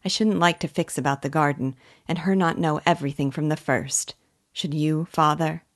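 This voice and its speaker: Playful young country daughter, coaxing and affectionate, read by a woman with a low voice. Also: moderate pace, close to an everyday voice. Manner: lively, coaxing talk.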